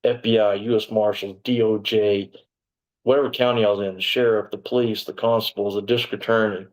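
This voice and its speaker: A man's voice: on the low side, flat delivery, a little fast, low-quality recording. Blunt, profane man telling a story. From Texas, USA. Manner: blunt and profane, bursts out when quoting himself. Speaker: interview guest. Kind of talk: storytelling in conversation.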